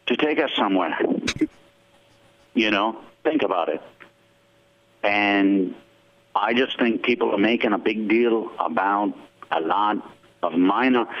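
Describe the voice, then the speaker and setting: Male caller, low voice, very slow, muffled call-in line, philosophical rambling. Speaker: radio caller. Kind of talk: call-in monologue. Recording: dull phone-in line.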